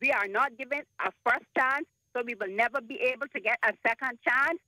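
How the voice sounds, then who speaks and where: A woman's voice: high voice, fast, bright, forceful tone, no room sound. A Caymanian woman in her sixties calling in to a talk radio show, upset and insistent as she lays out her complaints. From Cayman Islands. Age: 60s. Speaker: caller. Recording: tinny phone line.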